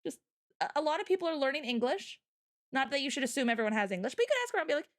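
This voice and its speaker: A high-pitched woman co-hosting a casual livestream, her voice swooping up and down as she gets heated. She rants in an animated way, slipping into quoted voices as she tells a story. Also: rapid-fire. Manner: heated, ranting. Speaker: co-host.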